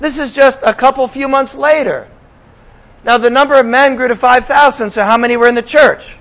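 Man, pastor, sermon, very high voice, chatty and sarcastic. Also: fairly quick, fairly bright tone, rough recording. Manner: conversational, with sarcastic asides to the congregation.

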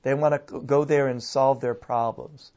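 Animated man on a dull lo-fi recording. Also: medium pitch, moderate pace. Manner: animated, restarts often, laughs. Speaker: guest speaker on church and culture. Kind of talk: conversational discussion. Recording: dull lo-fi sound.

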